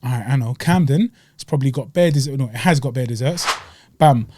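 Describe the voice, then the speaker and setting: A young man with a London accent, co-hosting a podcast in casual chat and telling animated stories full of slang and acted-out quotes. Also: mid-range voice, brisk, background noise. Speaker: podcast co-host.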